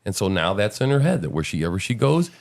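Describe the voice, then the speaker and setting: A man's voice: fairly low pitch, big pitch swings, quick pace, vocal fry. A man hosting a podcast in a casual, sarcastic, incredulous commentary style. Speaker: podcast host.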